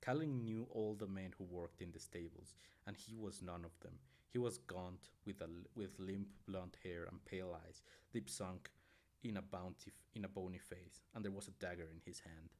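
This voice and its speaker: A man's voice: low voice, steady tone, normal speed, darkish tone. A man reading a novel aloud on a stream, often stumbling and correcting himself mid-sentence.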